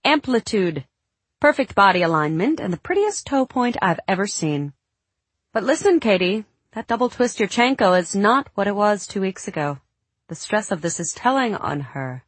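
A woman's voice: mid-range voice, sing-song, normal speed, slightly rough, no room sound, voice pushed up. A woman putting on a brash, gushing neighbor lady. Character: pushy gossiping middle-aged woman neighbor.

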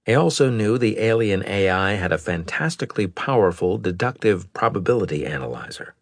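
A man narrating a story in steady scripted storytelling, close to a studio mic. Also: fairly low pitch, fairly quick, no room sound. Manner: steady storytelling with expressive character voices. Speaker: audiobook narrator.

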